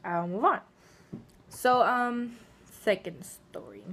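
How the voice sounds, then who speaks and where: A woman's voice: a little high, slow pace, a little hiss or hum. Giggly chatty woman telling stories. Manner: chatty, giggly, animated storyteller. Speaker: vlogger. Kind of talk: casual storytelling.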